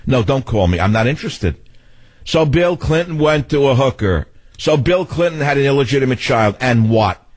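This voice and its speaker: A man's voice: mid-range voice, expressive, normal speed, slightly rough, dry recording. An older man hosting a political radio talk show, ranting sarcastically in a long monologue. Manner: ranting, sarcastic, mocking mimicry.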